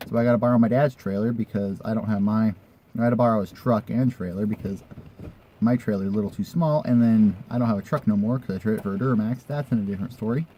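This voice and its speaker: A man's voice: fairly low pitch, fast, dull audio, a little hiss or hum. A man in a casual vlog, telling a personal story in a rambling, conversational way with the odd swear word.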